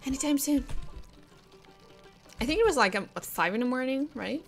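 A woman's voice: on the high side, very animated, fast, creaky, soft background music. A woman giving casual gameplay commentary, chatting to the characters on screen and laughing often.

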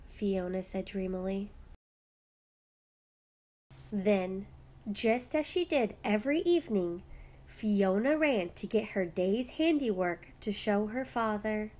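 A woman reading a children's picture book aloud with gentle, expressive storytelling. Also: medium pitch, slow pace.

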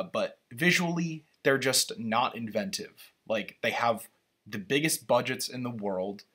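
A man's voice: mid-range voice, sharp tone. A man giving casual, rambling, opinionated commentary while reacting to a movie trailer.

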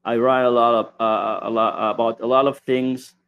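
A man's voice: medium pitch, level tone, normal speed, clear, resonant tone, phone-quality sound. A man calling into a radio show, an Arabic speaker who talks in English, hesitant and evasive, full of fillers. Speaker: caller. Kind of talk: hesitant call-in talk.

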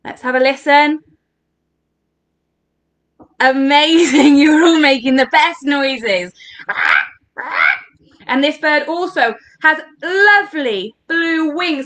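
A woman with a high, bright voice leads children through an interactive online storytelling session. She is upbeat and encouraging and keeps speaking directly to the young viewers at home. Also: takes it slowly, pauses often. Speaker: children's workshop leader. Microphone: online livestream.

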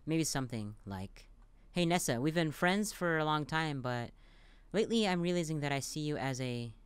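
A man with a lively, playful gaming voice. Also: a little high, smooth, no room sound. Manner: playful, reads lines in a mock-dramatic voice, quick asides. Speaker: let's play gamer. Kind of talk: reading game dialogue aloud with reactions.

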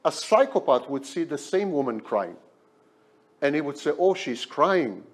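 A man's voice: on the high side, big pitch swings, normal speed, a little mellow. A man lecturing at a hospital, emphatic and repeating key words for effect. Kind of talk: academic lecture.

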